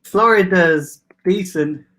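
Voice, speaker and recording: A man's voice: high voice, slow pace, fairly bright tone. A man hosting a casual livestream, chatting with viewers and reading out their comments with easy banter. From England. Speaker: fan channel host.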